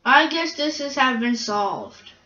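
A woman's voice: high-pitched, lively intonation, takes it slowly, bright, forceful tone, reverberant, distant mic, highs cut off, exaggerated voice. A woman voicing a stern male steam engine who lectures his friend in a fan-made toy train story, with repeated questions. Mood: lecturing.

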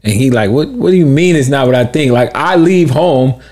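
A man co-hosting a podcast, telling a story in casual chat, acting out quotes loudly and laughing often. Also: mid-range voice, lively intonation, a little fast. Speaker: podcast co-host.

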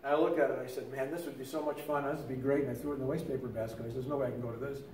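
A man's voice: mid-range voice, fairly even intonation, very fast, a little mellow, reverberant, far from the mic, a little hiss or hum, poor audio. An older man giving a casual teaching talk on prayer, telling stories with many restarts. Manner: conversational storytelling with many restarts. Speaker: lay teacher.

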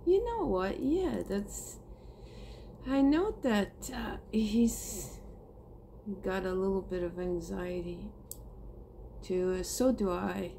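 A woman's voice: medium pitch, animated, slow pace, gravelly, long pauses, warm tone, slight background noise. A woman talking earnestly and emotionally to her viewers in a heartfelt monologue, swearing casually. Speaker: spiritual vlogger.

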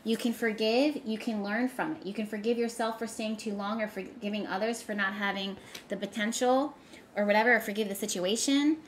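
Woman, tarot reader, casual talk to camera, emphatic, repeats phrases, mid-range pitch. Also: steady tone, brisk, slight background noise. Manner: emphatic, repetitive, talks straight to viewers.

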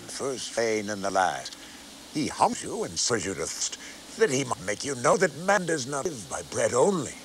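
A man's voice: medium pitch, slight background noise, poor audio. A man voicing Moses, an earnest aged prophet who leads his people, speaking in a raised, fervent tone.

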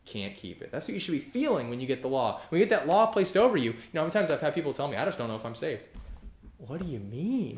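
A man preaching in an echoey church hall, his voice sitting fairly high for a man and swinging widely in pitch. He is emphatic and animated, climbing to loud peaks and acting out the voices of people who argue with him. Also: quick pace. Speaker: pastor. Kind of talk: sermon.

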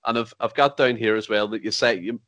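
A man hosts a casual interview, his voice sitting on the low side. He asks long, meandering questions in an easy, chatty way. The sound is dry and close to the mic. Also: a little fast, fairly bright tone, no room sound. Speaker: podcast host.

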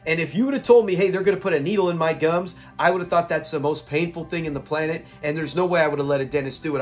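A man hosting a casual episode breakdown, eager and rambling as he retells scenes. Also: fairly high pitch. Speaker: host of a classic sitcom review channel.

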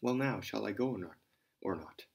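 A man's voice: lowish voice, animated, normal speed, vocal fry. A man reading the part of a brooding young former student who speaks lazily and pensively. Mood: mocking. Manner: lazy, pensive delivery. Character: brooding young male ex-student, aloof and mocking.

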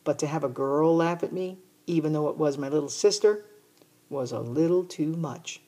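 A woman reading a children's novel aloud in a steady first-person narration. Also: sits low, moderate pace. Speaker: audiobook reader. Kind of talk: storybook narration.

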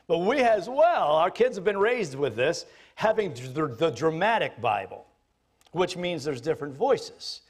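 A male pastor delivers a sermon with a somewhat high voice. He tells the story in an animated, jokey way, swinging his pitch and volume widely. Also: measured pace, husky.

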